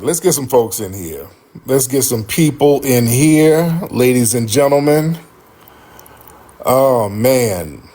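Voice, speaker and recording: A man hosting a live stream, talking casually with loud laughter and profane banter. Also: mid-range voice, breathy edge. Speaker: livestream host.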